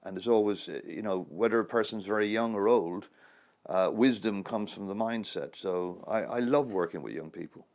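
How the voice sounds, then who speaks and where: In interview answers, a man in his sixties with a very low, deep, darkish voice reflects on his acting life. Speaking at normal speed, he rambles from anecdote to anecdote, chuckling along the way.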